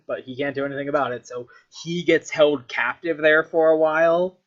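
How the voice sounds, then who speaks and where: A man's voice: fairly high pitch, fairly even intonation, moderate pace, few pauses. A young man telling a story in a loose, casual ramble, swearing and saying "like" a lot. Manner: loose, sweary, full of filler "like". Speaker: vlogger. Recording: dull lo-fi recording.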